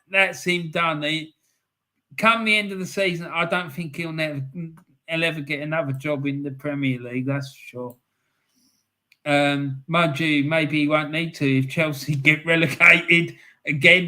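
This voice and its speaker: A man's voice: on the high side, bright, forceful tone. A man from England hosting a live fan stream, chatting casually as he reads out viewer comments, laughing often and repeating phrases for emphasis.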